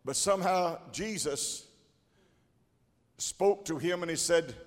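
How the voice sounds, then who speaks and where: A man preaching a storytelling sermon, animated and repeating his words, often rising into loud shouted quotes. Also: a little high, takes it slowly, long pauses. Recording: long hall reverb.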